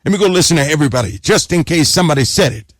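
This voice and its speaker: A man's voice: a little high, lively intonation, racing, no echo, studio quality. A man preaching an urgent sermon, exhorting listeners and repeating phrases for emphasis.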